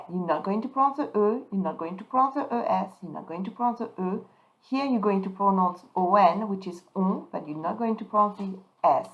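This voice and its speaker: Lady teaching verb endings, says the words slow and clear, kinda muffled lo-fi audio. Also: mid-range voice. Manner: slow, emphatic modelling of French words. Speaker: French teacher. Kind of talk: pronunciation lesson. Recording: dull lo-fi sound.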